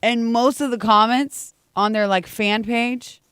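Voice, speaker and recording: A woman's voice: a little high, steady tone, unhurried, fairly bright tone, clear, resonant tone, no echo, studio quality. A woman co-hosting a morning radio show, chatty and teasing in casual banter.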